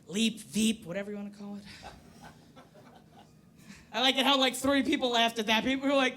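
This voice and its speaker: Woman in her 40s, stand-up comic; high, bright, brash and profane, working a club crowd on a stage mic. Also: normal speed, long pauses. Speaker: stand-up comedian. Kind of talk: stand-up comedy set.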